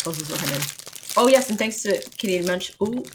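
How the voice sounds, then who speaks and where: A woman's voice: mid-range voice, lively intonation, fast talker, noisy background. A woman co-hosting a casual snack-tasting chat, enthusiastic and playful with lots of appreciative murmurs. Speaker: podcast co-host.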